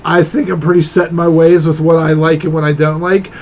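A man's voice: fairly high pitch, level tone, a little fast, a little mellow. Blunt, sarcastic man in his forties. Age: 40s. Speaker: podcast co-host. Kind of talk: casual ranting chat.

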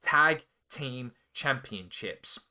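A man hosting a podcast, recapping in a casual way with animated storytelling, swearing freely and laughing often. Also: mid-range voice, extremely slow, a loud crowd. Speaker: podcast host.

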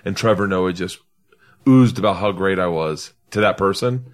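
A middle-aged man hosting a podcast, telling stories in casual chat and laughing hard at his own jokes. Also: normal speed. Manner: animated storyteller, breaks into high-pitched laughter. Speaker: podcast host.

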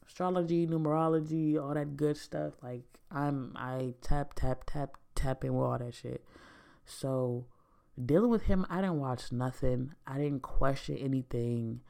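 A young woman rambles to her viewers in a candid, slangy monologue. Her voice sits low and has a gravelly fry, with a mellow, dark tone. She swears freely and talks in a loose, unscripted way. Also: steady tone, a little slow. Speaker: vlogger.

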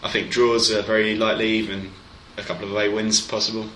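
A man's voice: lowish voice, little pitch movement, fast, reverberant, recorded from a distance, crowd noise, poor audio. A man chatting on a podcast, talking football in a keen, opinionated way. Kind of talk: casual podcast chat.

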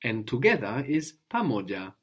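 A man's voice: medium pitch, big pitch swings, moderate pace, a bit bright, husky. A man teaching a language lesson patiently, often checking in with a questioning "no?".

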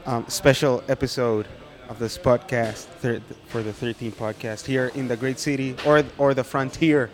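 A man hosting a podcast interview in a coffee shop, laughing often and halting with fillers. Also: medium pitch, fairly even intonation, faint music behind. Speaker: podcast host. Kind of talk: casual interview chat.

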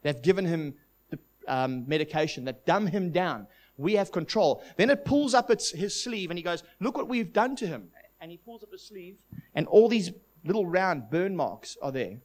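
Man, high voice, preacher, animated sermon storytelling. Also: moderate pace. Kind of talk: sermon with testimony.

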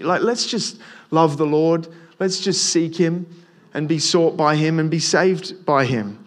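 A young man delivers a casual sermon, addressing his listeners conversationally while often restarting and repeating words. His voice sits on the high side and moves a little slowly.

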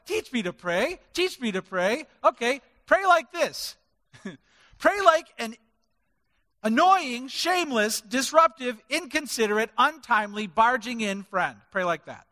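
High-voiced, emphatic male preacher. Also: lively intonation, a little slow, sharp tone. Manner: emphatic, drives points home with stacked word lists. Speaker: pastor. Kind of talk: sermon. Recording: reverberant hall.

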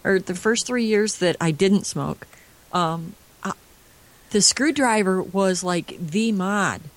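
A woman co-hosting a casual podcast chat, animated and swearing freely, with many restarts. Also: medium pitch, slow. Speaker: podcast co-host.

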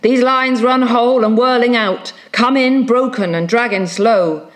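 A woman's voice: a little high, a little slow, voice pushed up, natural voice. A woman reading as a grandiose old sea captain. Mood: commanding. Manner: declamatory, commanding, brooding. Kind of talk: audiobook reading.

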